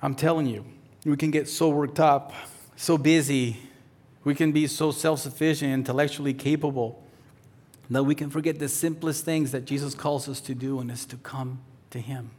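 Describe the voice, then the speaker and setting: A man in his thirties preaching a sermon as pastor, telling stories and acting out the voices in them, sometimes dropping to a soft near-whisper. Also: on the high side, fairly even intonation, normal speed. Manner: storytelling, acts out voices in quotes, drops to soft near-whisper.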